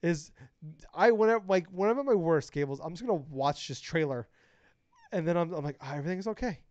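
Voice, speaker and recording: Brief: young man, podcast co-host, rapid excited profane gushing, slightly high voice, dry dull lo-fi sound. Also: no echo. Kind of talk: casual podcast chat.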